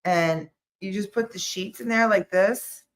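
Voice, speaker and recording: A woman co-hosting a casual live stream who talks in a chatty, animated way. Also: medium pitch, unhurried. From United States. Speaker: co-host.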